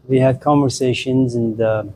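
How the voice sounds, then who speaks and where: A male lecturer at a middling pitch tells a fable to his audience with wry, deadpan jokes. A faint hum of ambience sits behind his voice. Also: low-quality recording. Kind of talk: storytelling lecture.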